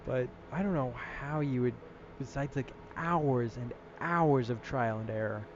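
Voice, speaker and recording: A man's voice: mid-range voice, unhurried, lo-fi sound, background noise. A man casually commenting while playing a game late at night, laid-back and self-deprecating, sounding tired. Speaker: gaming streamer. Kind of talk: casual let's-play commentary.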